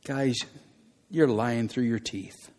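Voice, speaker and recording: A man's voice: mid-range voice, steady tone, slow pace, darkish tone, natural voice. A man voicing a weary, blunt grown brother who calls out a lie, in plain everyday speech. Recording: long hall reverb.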